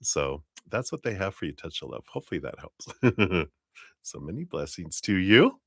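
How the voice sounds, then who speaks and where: Deep-voiced guy doing a live tarot stream, chatty and loose, lots of ums, dry close sound. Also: measured pace, no echo. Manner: chatty, animated, laughs often, many fillers. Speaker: tarot reader.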